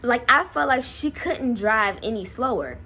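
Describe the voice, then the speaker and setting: A young woman vlogger casually telling a personal story to camera, animated and laughing often. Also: fairly high pitch, a little slow, breathy edge. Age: young adult.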